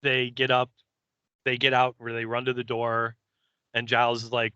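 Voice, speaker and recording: A man co-hosting a podcast, casually recapping an episode scene by scene and slipping into quick character voices. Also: medium pitch, completely flat delivery, bright, forceful tone, clean tone, dry recording, lo-fi sound. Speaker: podcast co-host.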